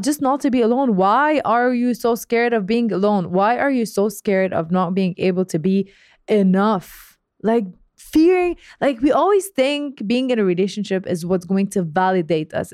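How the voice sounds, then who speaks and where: A young woman talks straight to the camera about relationships, blunt and full of profanity. She is animated and laughs often, in a mid-pitched voice. The sound is dry, with no room echo. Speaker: vlogger. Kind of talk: candid relationship rant to camera.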